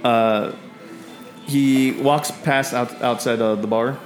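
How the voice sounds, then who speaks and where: A man as game master narrating a tabletop game, with halting delivery and many fillers. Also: mid-range voice, fairly even intonation, faint music behind.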